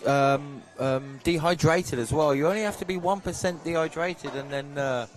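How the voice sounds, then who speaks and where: A man's voice: on the high side, moderate pace, slight background noise. A man co-commentating a pool match from a commentary box, laid-back and agreeable with technical remarks. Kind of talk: live sports commentary.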